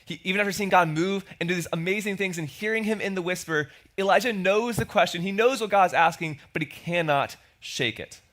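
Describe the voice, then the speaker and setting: A man's voice: sits high, brisk, hardly any pauses, fairly bright tone. A man preaching a sermon as pastor, in a conversational way, acting out quoted lines. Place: church.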